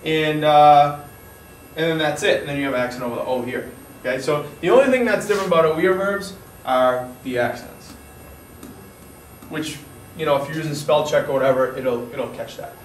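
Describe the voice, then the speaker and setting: A man's voice: a little high, normal speed, a little hiss or hum. Man teaching in an echoey room. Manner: informal, explaining step by step with many restarts. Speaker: Spanish teacher. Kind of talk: classroom grammar lesson. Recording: echoey room, mic far off, faint ambience.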